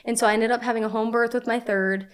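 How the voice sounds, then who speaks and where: Earnest and casual, this twenty-something woman shares personal stories as a podcast guest, filling her speech with "like." She talks fast in a fairly high voice with fairly even intonation and a clear, resonant tone.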